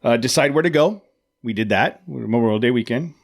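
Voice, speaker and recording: A man's voice: mid-range voice, animated, fairly quick, creaky. Laid-back male podcast host. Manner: laid-back, often stumbles and repeats words. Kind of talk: casual chat, reading aloud from a magazine.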